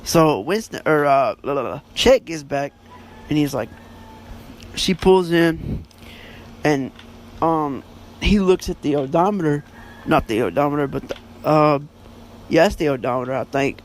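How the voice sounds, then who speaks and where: A man with a rather high voice hosts a podcast and reviews a book in a casual, rambling way. He stumbles through fillers and corrects himself as he goes. A faint noise hums behind him. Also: unhurried, long pauses. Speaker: podcast host.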